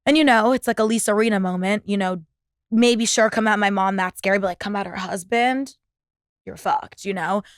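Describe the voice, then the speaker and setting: A woman's voice: mid-range voice, normal speed, no echo. A young woman in her twenties chats through a story on her podcast. She swears freely and fills her talk with "like", and her voice is close and dry with no room sound. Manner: chatty, profane, full of "like" fillers. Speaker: podcast host. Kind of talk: casual storytelling monologue.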